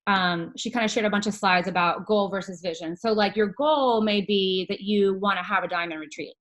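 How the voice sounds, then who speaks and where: A woman's voice: medium pitch, a little fast, fairly bright tone. A woman casually presenting a recap to her team over a video call, chatty and rambling with lots of fillers.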